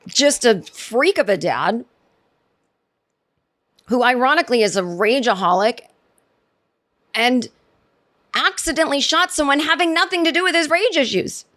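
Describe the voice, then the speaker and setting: A woman's voice: high voice, fairly bright tone. Sardonic woman hosting a comedy podcast. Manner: sardonic, rambling, self-interrupting. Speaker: podcast host. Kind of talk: solo comedic podcast monologue.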